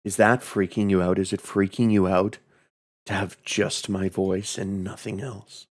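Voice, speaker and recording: A man's voice: low-pitched, little pitch movement, unhurried. A man streaming a horror game, joking and swearing as he reads the game text aloud. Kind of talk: casual game commentary.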